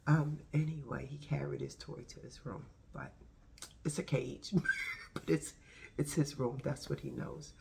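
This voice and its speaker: Gravelly-voiced woman vlogging from home. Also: sits low, fairly even intonation, measured pace, a little mellow, slight background noise. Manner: chatty, rambling, with frequent asides. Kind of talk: casual storytelling to camera. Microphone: video camera.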